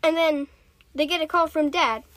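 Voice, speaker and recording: A woman's voice: high-pitched, fairly even intonation, normal speed, a bit bright. A woman co-hosting a podcast, chatty and giggly, recapping with lots of fillers. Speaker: podcast co-host.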